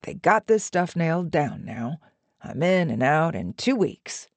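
A woman's voice: low voice, big pitch swings, measured pace, husky, no echo, exaggerated voice. A woman voicing an aging male film actor with easygoing, practiced charm in an audiobook reading. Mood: breezy. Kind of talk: audiobook narration.

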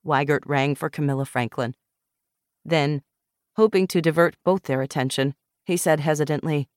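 A narrator reading a novel aloud in a measured, even manner, close to the microphone. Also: mid-range voice, clear, resonant tone, dry recording. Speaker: audiobook narrator. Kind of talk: scripted narration.

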